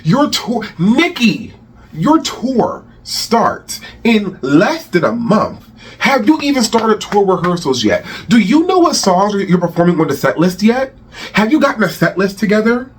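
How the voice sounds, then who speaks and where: Exasperated high-voiced man ranting. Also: big pitch swings, unhurried, a little hiss or hum. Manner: exasperated, profane, repeats phrases for emphasis. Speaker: host of a rant channel. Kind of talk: heated celebrity commentary rant.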